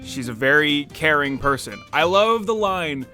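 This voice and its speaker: Bright-voiced young man rambling about movies. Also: a little high, expressive, measured pace, faint music behind. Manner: chatty and rambling, frequent "like" fillers, laughs often. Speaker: movie reviewer. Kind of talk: casual spoken film review.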